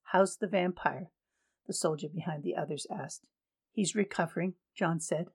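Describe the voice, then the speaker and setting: A woman reads a long story aloud in a low, husky voice. She keeps the characters close to her own plain voice, only lightly shifting between them. The delivery is steady, scripted narration. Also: normal speed. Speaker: audiobook reader.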